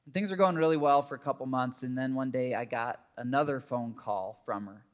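A man in his thirties, a pastor, preaching a sermon in an earnest, conversational way that grows animated when he tells stories. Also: mid-range voice, brisk.

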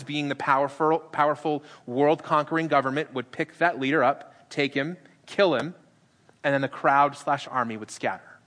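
A middle-aged male pastor with a bright, forceful voice pitched a touch high for a man. He preaches in a conversational way, acting out the dialogue with humor. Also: in a large hall. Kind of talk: sermon. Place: church sanctuary.

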